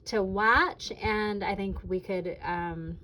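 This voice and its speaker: A woman's voice: mid-range voice, slow pace, sharp tone, slight background noise, rough recording. An older woman hosting her junk journal channel, chatting casually and rambling with many ums and restarts. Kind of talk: casual chat to camera.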